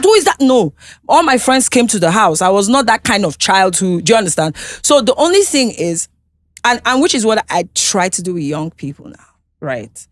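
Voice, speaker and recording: Halting Nigerian woman telling her story. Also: lowish voice, no echo. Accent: Nigerian English. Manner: halting, restarts often, checks in with "you understand?". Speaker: guest, singer. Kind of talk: candid interview storytelling.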